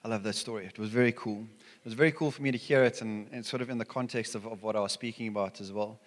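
A man's voice: lowish voice, steady tone, quick pace, long reverb tail. A male preacher speaking in a reflective, encouraging tone, with small restarts. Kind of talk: sermon.

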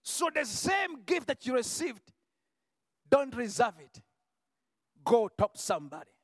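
High-voiced fervent male preacher. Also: sing-song, measured pace, no room sound, big-room sound. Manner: fervent, breaks into shouted declarations between quieter asides; repeats words as he restarts a phrase. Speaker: visiting preacher. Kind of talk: sermon with healing testimony.

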